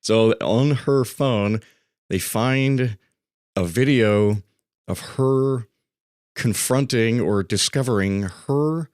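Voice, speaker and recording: A man co-hosting a casual film podcast, talking in a relaxed way that turns excitable, with frequent filler words. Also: mid-range voice, slow, clear, resonant tone, dry recording, clean studio sound. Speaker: podcast co-host.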